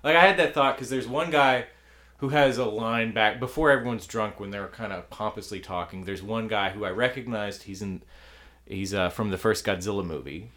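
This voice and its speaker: A man's voice: on the low side, moderate pace, a bit bright. A man from the United States co-hosting a podcast, talking animatedly about a film, rambling with fillers and restarts. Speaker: podcast co-host. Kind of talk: casual film discussion.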